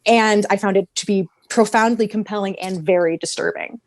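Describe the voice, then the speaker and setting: A woman's voice: on the high side, moderate pace, few pauses, darkish tone, dry recording. A woman talking on a podcast panel in a passionate, rambling way, restarting her sentences often. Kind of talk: casual podcast discussion.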